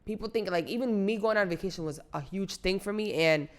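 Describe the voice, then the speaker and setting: A woman co-hosting a casual podcast chat, listening supportively and sharing her own experience haltingly. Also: mid-range voice. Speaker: podcast co-host.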